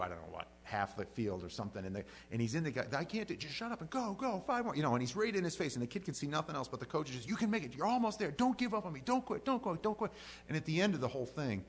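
Low gravelly man preaching a sermon. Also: slight background noise, low-quality recording. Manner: conversational preaching with repeated words and rising emphasis. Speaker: pastor.

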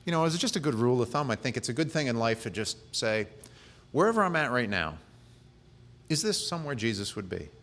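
A man's voice: medium pitch, very animated, quick pace, fairly bright tone. A male pastor preaching a sermon in a conversational way, with humorous asides.

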